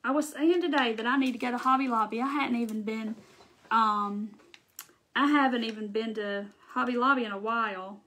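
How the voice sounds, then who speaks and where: A middle-aged woman with a thick Southern drawl talks in a fairly high voice during a live crafting stream. She chats easily, greets viewers and thanks them for their comments as she keeps working. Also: moderate pace, a bit bright. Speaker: craft livestream host. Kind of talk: casual live crafting chat.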